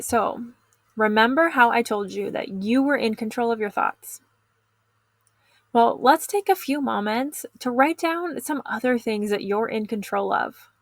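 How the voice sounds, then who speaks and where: Calm encouraging woman coaching teens. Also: medium pitch, gravelly, no echo. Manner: calm, encouraging, talks straight to the viewer. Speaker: teen stress coach. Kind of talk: instructional video lesson.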